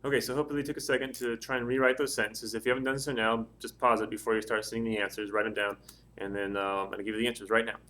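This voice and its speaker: A man and Spanish teacher, giving a recorded lesson and slowly repeating words to model their pronunciation. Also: lowish voice, little pitch movement, sharp tone.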